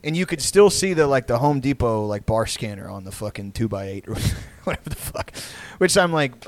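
A man's voice: medium pitch, animated, moderate pace, few pauses. A man from Texas hosting a podcast, telling comedic stories in a rambling, profane way. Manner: rambling, profane, with frequent restarts. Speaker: podcast host. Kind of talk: casual comedic storytelling.

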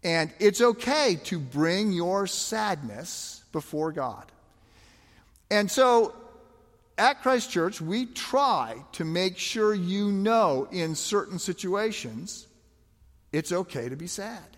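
A man's voice: sits high, animated, slow, big-room sound. A man preaching a sermon as a pastor, talking conversationally with emphatic rhetorical questions.

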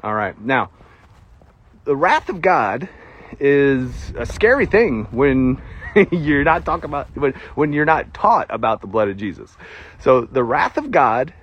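A man's voice: medium pitch, sing-song, measured pace, a bit bright, slightly rough, muffled recording. A man with a Southern US accent preaching a casual sermon, chatty and self-deprecating, laughing often as he talks.

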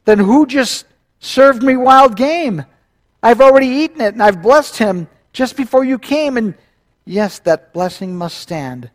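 A man's voice: very high voice, expressive, a little slow, long reverb tail, pitched above the performer's own voice. A man voicing an elderly father who pronounces blessings, read aloud during a sermon. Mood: shaken. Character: old blind father, solemn and shaken.

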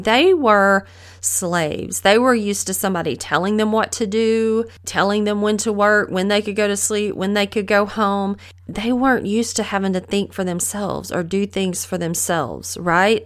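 This podcast host, a middle-aged woman, has a mid-range voice with a fairly bright tone. She leads a casual devotional Bible lesson, earnest throughout, and asks the listener questions.

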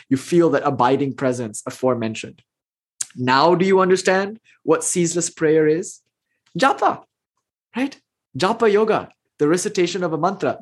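A man with a somewhat high-pitched voice teaches a class on spiritual practice. He explains ideas, reads from a text, and breaks in with playful asides. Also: husky. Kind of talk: class lecture with readings.

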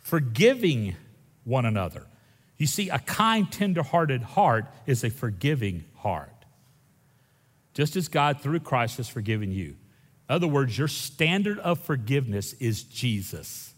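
Brief: man, pastor, lively folksy preaching, long hall reverb. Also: mid-range voice, moderate pace. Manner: folksy, animated, swings between loud and hushed. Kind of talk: sermon. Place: church sanctuary.

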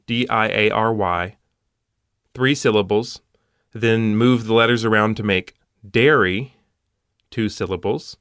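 Man, puzzle show host, low voice, methodical explanations, dry puns, dead dry sound. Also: a bit bright, clean tone, no echo. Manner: methodical, with dry punning asides.

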